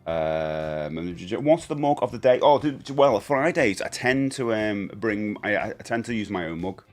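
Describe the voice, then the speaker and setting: A man's voice: fairly low pitch, expressive, normal speed, soft background music. Chatty man hosting a stream. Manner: chatty, rambling, greets viewers, stumbles and repeats. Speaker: live-stream host. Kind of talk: casual chat.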